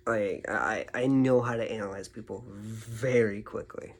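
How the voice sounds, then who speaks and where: A man's voice: lowish voice, moderate pace, hardly any pauses, low-quality recording. A young man vlogging, telling a rambling personal story to the camera, often repeating himself. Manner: rambling, repeats words and restarts. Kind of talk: casual storytelling monologue.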